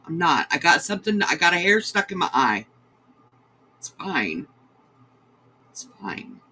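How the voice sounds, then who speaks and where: A woman, a crochet host chatting to her livestream viewers in a sentimental, halting way. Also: on the low side, big pitch swings, pushed and bright, breathy edge, poor audio. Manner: sentimental, halting, many restarts. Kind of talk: casual livestream chat to viewers.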